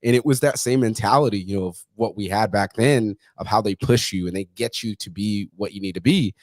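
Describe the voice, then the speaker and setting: A man's voice: on the low side, fairly quick, a little mellow, dry recording. A man hosting a podcast, telling stories in a casual, blunt way full of swearing and acted-out quotes. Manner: profane, blunt, swears constantly; acts out other voices in his stories. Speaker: podcast host. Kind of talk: casual storytelling chat.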